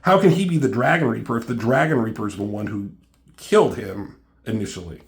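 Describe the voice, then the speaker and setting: A man's voice: fairly low pitch, brisk, lightly acted. Brief: defiant young woman antihero, blunt and swearing, voiced by a man reading aloud. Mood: incredulous. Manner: swearing, incredulous outbursts.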